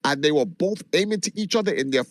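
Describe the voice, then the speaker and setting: A man from Jamaica, a livestreamer, telling a long story in an animated, casual way and swearing freely. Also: on the high side, quick pace, dry recording. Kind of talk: casual chat.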